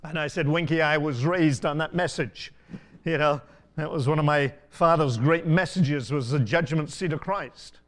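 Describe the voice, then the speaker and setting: An older man preaching a sermon, telling stories in an unhurried way with frequent asides. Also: on the high side. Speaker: pastor.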